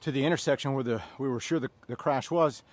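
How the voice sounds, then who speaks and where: A man in his fifties leading a workout class, chatting and joking between sets and counting reps in loud bursts. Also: medium pitch, fast. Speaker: fitness instructor.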